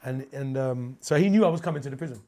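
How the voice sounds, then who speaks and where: A man's voice: medium pitch, fast, warm tone. A man from London with a London accent, a guest telling prison stories in a casual interview, swearing freely and acting out the dialogue. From Hackney, London.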